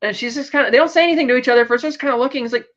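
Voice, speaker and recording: A man's voice: very high voice, very fast, lo-fi sound. A man co-hosting a podcast, casually retelling a TV episode scene by scene and acting out the characters' lines. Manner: animated storytelling, acting out quoted lines. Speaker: podcast co-host.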